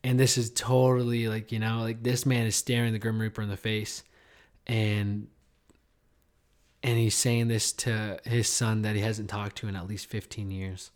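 A man co-hosting a casual talk show, telling a story in a rambling way with lots of fillers and restarts, trailing off quietly at heavy moments. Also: lowish voice, little pitch movement, normal speed. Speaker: podcast co-host. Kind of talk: casual chat.

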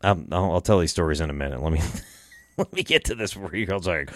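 A man's voice: low voice, brisk, no room sound, studio quality. A man hosting a podcast, telling a story casually in a rambling, chuckling way, with restarts and swearing. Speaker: podcast host.

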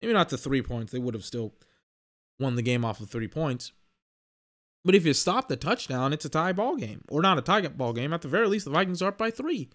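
A young man hosts his sports podcast alone, ranting bluntly and casually with plenty of slang. His voice sits a little higher than most men's, and he sounds exasperated and animated. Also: fairly quick. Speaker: podcast host.

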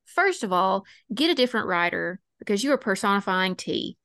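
Southern lady cohosting a true crime podcast, snarky and opinionated, mid pitch, dry sound. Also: big pitch swings, a bit bright, dry recording. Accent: Southern American. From American South. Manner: opinionated, sarcastic, quick to laugh. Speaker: podcast co-host.

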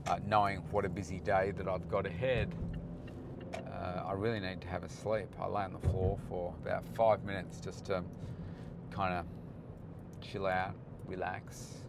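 A man who hosts a podcast, chatting casually while he drives, in a relaxed, rambling way with lots of fillers. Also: sits low, creaky. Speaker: podcast host and coach. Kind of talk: casual vlog monologue while driving. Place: in a car, driving on city roads. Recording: loud road and engine noise.

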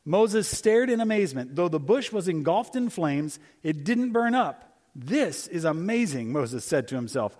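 A man's voice: a little high, big pitch swings, measured pace, darkish tone. A middle-aged man giving a conversational sermon as a guest speaker, telling stories and acting out little voices for humor.

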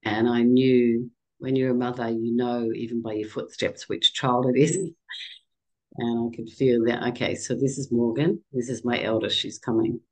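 A middle-aged woman as an interview guest, telling a personal story in a halting, emotional way with many restarts. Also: extremely low pitch, flat delivery, poor audio.

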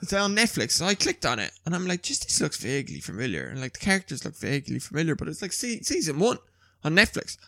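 Irish man, podcast co-host, high gravelly voice, swears a lot, casual chat. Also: quick pace, no room sound. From Ireland. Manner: animated storyteller, swears freely.

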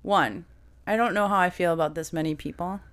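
Chatty woman podcast host, smooth voice. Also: on the low side, a little fast. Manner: chatty, laughs often, trails off mid-sentence. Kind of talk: casual chat.

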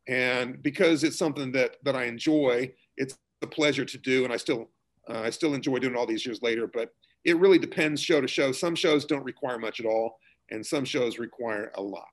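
A man's voice: medium pitch, moderate pace. Middle-aged man, easygoing explainer. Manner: conversational, explanatory, many fillers and restarts. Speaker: school theater director. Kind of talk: relaxed interview answers.

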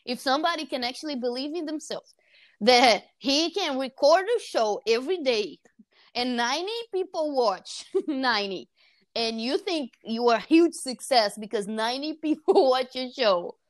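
A woman's voice: high voice, normal speed, no room sound, clean studio sound. A woman in casual chat, telling a story with lots of laughter and acted-out quotes. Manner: animated storytelling, laughing often, acting out quotes.

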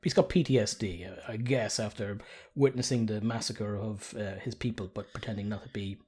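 A man's voice: fairly low pitch, fairly even intonation, a little mellow, slightly rough. A man co-hosting a film podcast, chatting casually and throwing in jokes. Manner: joking, quick asides. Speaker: podcast co-host. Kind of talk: casual movie review chat.

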